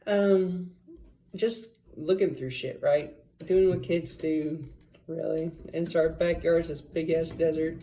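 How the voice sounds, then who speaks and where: A woman's voice: fairly low pitch, warm tone, a little hiss or hum. A woman telling a rambling personal story in a casual, profane way, full of fillers and asides. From Las Vegas area, USA.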